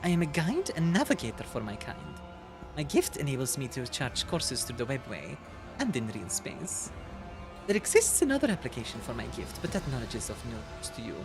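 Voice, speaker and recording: A woman voicing a condescending ancient alien seer, reading slowly and solemnly in a quiet, low voice. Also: huge pitch swings, over music, full character voice. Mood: haughty, solemn.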